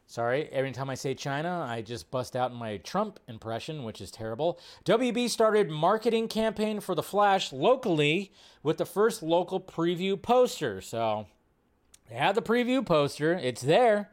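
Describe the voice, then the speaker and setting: A man hosting a casual live-stream about movie news. His voice sits fairly high. He talks with plenty of enthusiasm and riffs by repeating words over and over. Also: lively intonation, normal speed.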